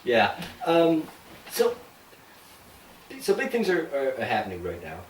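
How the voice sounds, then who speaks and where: A man's voice: medium pitch, huge pitch swings, a little slow. A man co-hosting a podcast in a loose, rambling way, often restarting his sentences. He sits at a distance from the mic in an echoey room. A faint ambient hum runs behind him. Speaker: podcast co-host. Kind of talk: casual chat.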